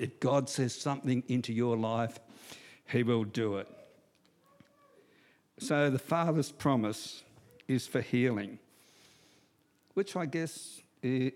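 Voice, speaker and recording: A man's voice: medium pitch, darkish tone. A man, preaching a sermon as a pastor and telling stories with humor while repeating key phrases.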